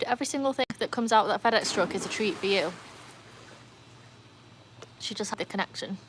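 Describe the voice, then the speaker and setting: A young British woman hosting a live stream, chatting casually with viewers and breaking into high cheering whoops. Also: fairly bright tone, a little hiss or hum. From United Kingdom. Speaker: livestream host.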